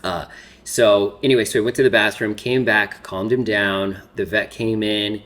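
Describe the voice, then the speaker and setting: A man's voice: on the low side, fairly even intonation, moderate pace, fairly bright tone. A man in his thirties telling a personal story in a rambling, filler-heavy way while doing his makeup, holding back tears. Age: 30s. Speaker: makeup vlogger. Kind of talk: casual get-ready-with-me chat.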